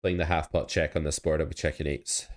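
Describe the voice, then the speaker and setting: Young man, low voice, casual stream host who talks to chat while he plays and coaches. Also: flat delivery, fairly quick. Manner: chatty, self-critical, talks to chat. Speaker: poker coach streaming his play. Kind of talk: casual live-stream commentary.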